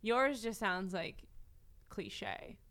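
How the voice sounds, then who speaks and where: A woman's voice: mid-range voice, expressive, very slow, fairly bright tone. A woman guesting on a casual podcast, bubbly, teasing and encouraging. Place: small studio room with frosted glass windows.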